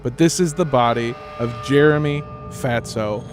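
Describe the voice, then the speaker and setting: A man's voice: mid-range voice, moderate pace, over music. A man narrating a tabletop horror game as game master, casual and full of fillers.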